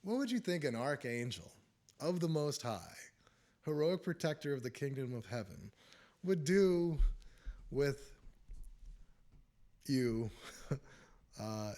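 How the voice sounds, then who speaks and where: Guy rambling about his spiritual journey, laughs a lot, mid-pitched voice. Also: a little mellow. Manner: rambling, chuckles often, restarts sentences. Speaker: host of a spiritual talk show. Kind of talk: casual spiritual testimony.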